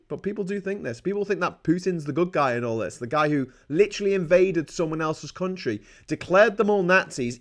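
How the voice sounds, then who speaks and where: A man hosting a livestream, giving profane, heated and indignant political commentary into a desk mic. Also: high voice. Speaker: livestream host.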